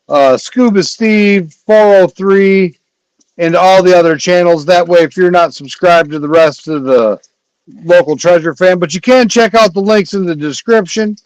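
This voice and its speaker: A man hosting a casual livestream, chatting in a rambling way with filler pauses. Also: high voice, no echo, poor audio. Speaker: livestream host.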